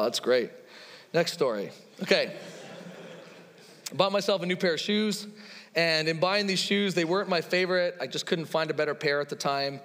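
A man in his thirties, a pastor, preaching a sermon in a relaxed, conversational way, telling personal stories with quoted dialogue. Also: fairly high pitch, big-room sound.

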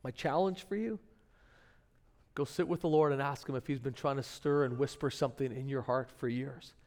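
A middle-aged man preaching a sermon as pastor, telling stories in a conversational way with lively rises in pitch and loudness. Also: moderate pace. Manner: conversational storytelling, animated rises in pitch and volume.

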